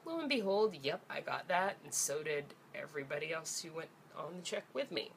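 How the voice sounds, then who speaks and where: A woman's voice: low-pitched, expressive, a little fast, creaky, slight background noise. A young woman, ranting angrily and sarcastically in a vlog, swearing freely. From Canada. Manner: angry, profane, sarcastic. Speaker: vlogger.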